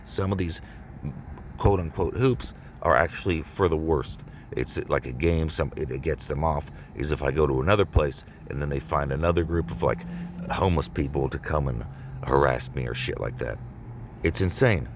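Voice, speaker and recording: A man with a very low voice rants in a vlog, agitated and swearing, going over the same points again and again. He talks from inside his car, and faint background noise sits under his voice. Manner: agitated, profane, repeats himself. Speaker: vlogger. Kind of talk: angry ranting vlog.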